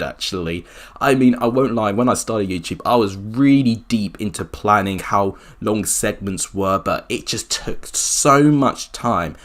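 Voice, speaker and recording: A man's voice: expressive, unhurried. Chatty young man. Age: around 20. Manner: chatty, self-mocking, jumps up in pitch when surprised. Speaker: YouTuber. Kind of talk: casual reaction commentary.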